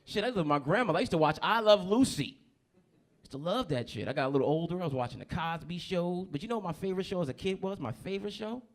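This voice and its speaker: A man's voice: high-pitched, animated, fast. A man in his thirties from New Jersey doing a stand-up set in a comedy club, brash and profane, working the crowd.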